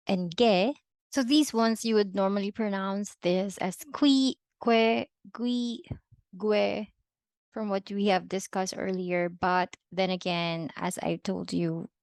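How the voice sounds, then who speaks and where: Slow, patient woman teaching pronunciation. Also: medium pitch, a little mellow. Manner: slow, repeats words for students to echo. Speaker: Spanish teacher. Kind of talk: recorded language lesson.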